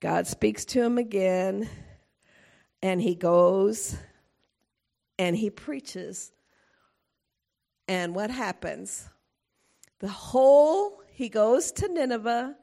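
A middle-aged woman preaching a sermon in an animated way, acting out quotes and laughing often. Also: medium pitch, extremely slow, gravelly, pauses often.

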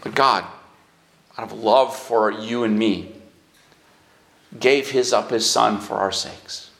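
A man preaching a sermon as pastor, moving between quiet earnest stretches and high, emphatic rises. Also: steady tone, slow pace, gravelly. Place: church sanctuary. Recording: echoey church hall.

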